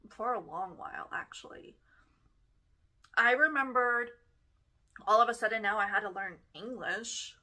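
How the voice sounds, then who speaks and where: A woman's voice: fairly high pitch, unhurried, pauses often, pushed and bright. A young woman from Germany, a native German speaker, hosting a podcast and telling her own story in a reflective, hesitant way with many fillers. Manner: reflective, hesitant, frequent fillers and self-corrections. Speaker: podcast host. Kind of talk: casual personal storytelling.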